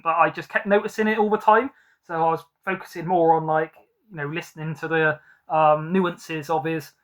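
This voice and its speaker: A man's voice: fairly high pitch, bright, forceful tone. A man hosting a casual film review chat, rambling with frequent ums and likes. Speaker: film collector host.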